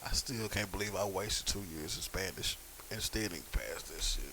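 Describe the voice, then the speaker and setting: A young man in casual podcast chat, animated and joking, swearing freely. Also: sits low, moderate pace, gravelly, a little hiss or hum. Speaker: podcast co-host.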